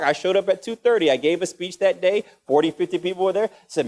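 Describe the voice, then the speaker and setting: Energetic guy giving a motivational talk, a bit high-pitched, keeps quizzing the crowd. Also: fast, hardly any pauses. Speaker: motivational speaker. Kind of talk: motivational lecture.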